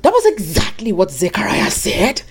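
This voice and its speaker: A woman preaching a sermon in an animated way, swinging from soft asides to high cries and acting out the voices in her stories. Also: moderate pace, breathy edge. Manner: acts out quoted voices in her teaching.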